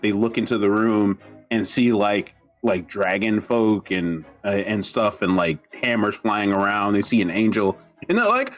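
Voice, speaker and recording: A man running a tabletop game as dungeon master, narrating hesitantly with many fillers and restarts. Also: on the low side.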